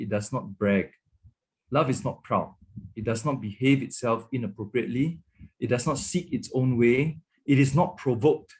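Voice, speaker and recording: A male pastor with a Malaysian English accent gives a relaxed webinar teaching at a mid-range pitch. He speaks in a chatty, informal way, stumbling over repeated words and checking in with his listeners. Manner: conversational, repeats words, checks in with "okay" and "right". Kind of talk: church teaching on marriage. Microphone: webinar microphone.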